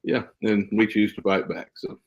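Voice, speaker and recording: A man with a fairly low voice speaks as a guest on a casual podcast. He explains his views in an earnest, emphatic way, like someone who trains school staff. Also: fairly even intonation, normal speed, creaky, breathy edge, muffled recording.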